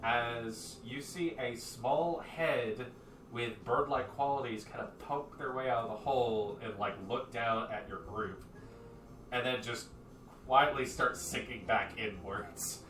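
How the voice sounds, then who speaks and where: Bright-voiced man narrating as game master. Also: medium pitch, slow, roomy sound, recorded from a distance, slight background noise, rough recording. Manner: rambling, many fillers.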